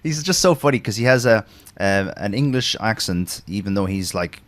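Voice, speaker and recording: A man's voice: on the low side, expressive, moderate pace, no room sound. Rambling, laughing male streamer host. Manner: rambling, laughs often, swears casually. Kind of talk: casual podcast chat.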